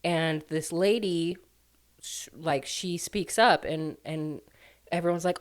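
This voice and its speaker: A woman's voice: low voice, takes it slowly. A woman casually recapping a book plot as a reviewer, chatty and full of "like" and "um" fillers. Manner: chatty, filler-heavy, lots of "like" and "um".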